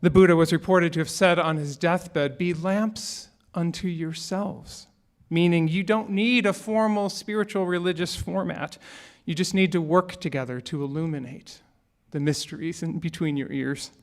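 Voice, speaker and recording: Guy preaching a sunday sermon, kinda high voice, chatty and joking a bit. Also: steady tone, moderate pace, hardly any pauses. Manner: conversational, with light humor. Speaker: minister. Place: church sanctuary.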